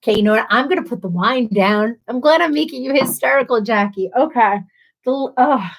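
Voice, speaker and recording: A livestream host, a little tipsy from wine, laughs a lot while reading viewer comments on her casual stream. Her voice is fairly high and animated, a little fast, with vocal fry.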